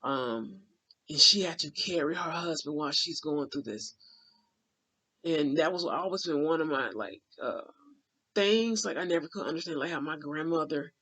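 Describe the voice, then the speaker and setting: Husky, emotional man recounting a dream. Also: a little high. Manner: emotional, rambling, with frequent fillers and hushed asides. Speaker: dream channeler. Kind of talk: casual spoken dream recounting.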